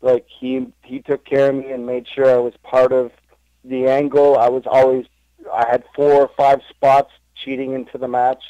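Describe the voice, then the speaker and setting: A man in a casual podcast interview, rambling and correcting himself as he tells stories. His voice sits at an ordinary middle pitch. The sound is dry and close to the mic. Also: completely flat delivery, normal speed, dark tone, no echo, dull audio. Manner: rambling storytelling, full of fillers and self-corrections. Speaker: interview guest, wrestling impressionist.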